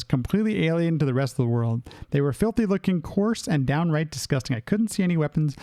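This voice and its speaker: A young man with a somewhat high voice reads game text aloud on a live stream. He stumbles, restarts and drops quick asides between the sentences. The sound is close and dry. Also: darkish tone, no echo. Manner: reads aloud haltingly, breaking off for asides and laughs. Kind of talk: let's play commentary, reading game text aloud.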